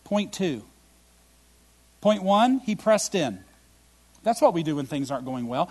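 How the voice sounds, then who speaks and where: A middle-aged man preaching a sermon as pastor, swinging between loud emphatic bursts and quiet, low reflective lines. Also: big pitch swings, unhurried, pauses often.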